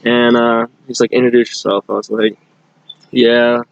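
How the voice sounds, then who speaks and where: A man's voice: medium pitch, level tone, normal speed, gravelly, highs cut off, a little hiss or hum. A young man from telling a rambling bar story in casual chat, full of fillers and restarts. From Boston area. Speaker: guest.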